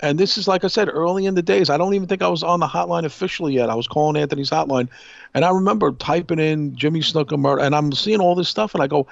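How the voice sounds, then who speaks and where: A man from New York co-hosting a podcast, telling a long story in a rambling, animated way with many restarts. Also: fairly high pitch, fast talker, vocal fry, no room sound, highs cut off. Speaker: podcast co-host. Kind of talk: casual storytelling chat.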